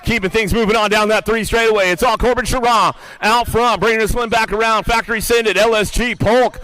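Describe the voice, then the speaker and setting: A man calling live BMX races play-by-play, rattling off riders' names and positions, then dropping lower and quieter to read results and lineups. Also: steady tone, brisk, poor audio. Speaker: race announcer. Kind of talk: live BMX race commentary.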